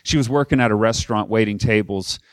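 A man's voice: fairly low pitch, fast talker, dry recording, studio quality. A man preaching a sermon as a campus minister, telling a story and putting questions to the audience.

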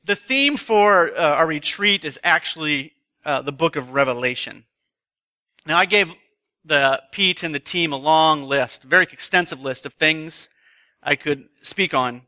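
A man's voice: on the high side, animated, a little slow, pushed and bright. A man speaking at a retreat, telling self-deprecating stories in a chatty sermon to a live audience. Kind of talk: sermon with a humorous personal story. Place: live talk before an audience.

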